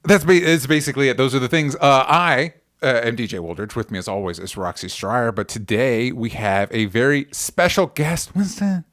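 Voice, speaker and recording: A man hosting a pop-culture podcast, upbeat and lively in casual chat. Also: mid-range voice, normal speed, few pauses, no room sound, studio quality. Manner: upbeat and lively, laughs along. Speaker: host.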